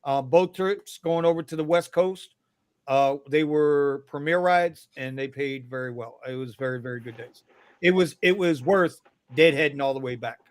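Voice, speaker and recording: A man hosting a casual live stream chat, reading out viewer shout-outs and questions in a laid-back way. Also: a little high, normal speed, clean tone, dry recording. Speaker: live show host.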